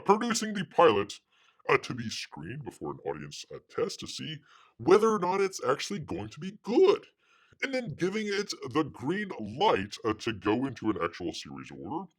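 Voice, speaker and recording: A man's voice: medium pitch, wildly swooping pitch, normal speed. A man hosting his own livestream show, ranting in a sarcastic, mocking way with lots of filler words. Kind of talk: casual ranting commentary.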